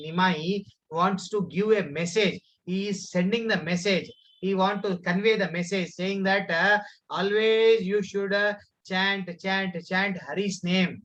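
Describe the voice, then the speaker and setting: A man's voice: sits high, a bit bright. A man with an Indian English accent teaching a children's scripture class online, telling a story with many fillers and restarts and calling on pupils by name. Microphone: video call. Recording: muffled online call audio.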